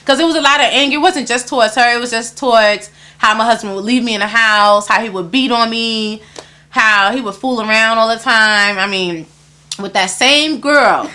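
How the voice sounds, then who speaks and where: A woman with a high-pitched voice tells a story as an interview guest. Her tone is bright and forward. She talks casually and animatedly, slips into other people's lines, and swears freely.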